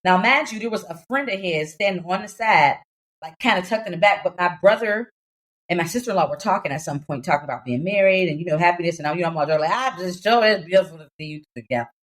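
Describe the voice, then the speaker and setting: A young adult woman co-hosting a podcast, telling a story in casual chat, animated and laughing, slipping into voices for the people in it. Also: on the low side, fast talker. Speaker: podcast co-host.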